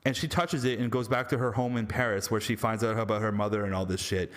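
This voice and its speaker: Male vlogger, lowish voice, slangy, jokey, rambles through a casual movie review. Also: fairly even intonation, quick pace, few pauses, fairly bright tone. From Canada.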